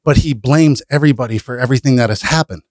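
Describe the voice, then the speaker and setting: A man talking as a podcast guest, blunt and animated, swearing freely as he tells stories about his business. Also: mid-range voice, quick pace, dry recording, studio quality. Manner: blunt, profane, animated storytelling. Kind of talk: casual interview chat.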